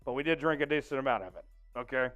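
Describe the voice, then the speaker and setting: A man hosting a casual sports livestream, reading out viewer donations, excitable and laughing often. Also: mid-range voice, racing, lo-fi sound, soft background music. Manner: excitable, reads out super chats, laughs often. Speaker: livestream host.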